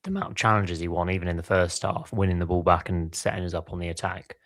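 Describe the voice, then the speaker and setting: A man's voice: sits low, fast talker, fairly bright tone, dry recording. A man with an English accent co-hosting a football podcast, breaking down the match and quoting stats. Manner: analytical, cites stats, thinks aloud. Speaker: podcast co-host. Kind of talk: casual football chat.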